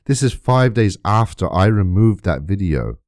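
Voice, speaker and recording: A man's voice: lowish voice, sing-song, moderate pace, a little mellow, no room sound, studio quality. A man delivering an indignant, emphatic monologue to camera, full of rhetorical questions. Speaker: YouTube creator.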